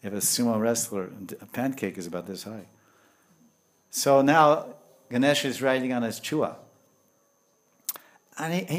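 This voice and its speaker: A man giving a devotional lecture in English with Sanskrit and Hindi terms, telling lively stories and swinging from hushed tones to loud bursts. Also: medium pitch. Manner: animated, acts out voices and laughter, swings from hushed to loud. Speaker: spiritual teacher.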